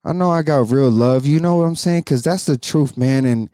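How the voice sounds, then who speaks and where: A man's voice: mid-range voice, moderate pace, dark tone, no room sound, clean studio sound. A man in his thirties ranting emotionally to camera, profane and repetitive, tearful and sighing, again and again asking if you know what he means. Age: 30s. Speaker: vlogger. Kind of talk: emotional unscripted rant to camera.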